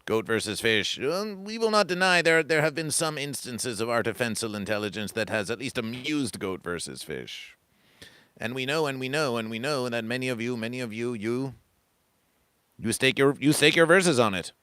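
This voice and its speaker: Male livestream host, grandiose repetitive sermon cadence, bright tone, dry close mic. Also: mid-range voice, moderate pace, smooth, dry recording. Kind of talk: rambling comic livestream monologue.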